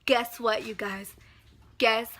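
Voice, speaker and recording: Young woman ranting on her vlog, swears a ton, says like constantly, bright kinda high voice. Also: steady tone, takes it slowly. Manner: profane, heavy use of "like", rants. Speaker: vlogger. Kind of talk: casual storytime vlog.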